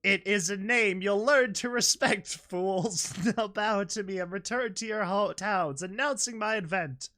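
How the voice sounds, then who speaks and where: A man's voice: high-pitched, lively intonation, measured pace, sharp tone, exaggerated voice. A man voicing a grandiose female spirit villain who has possessed a young filly, speaking in a pompous, commanding way. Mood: menacing.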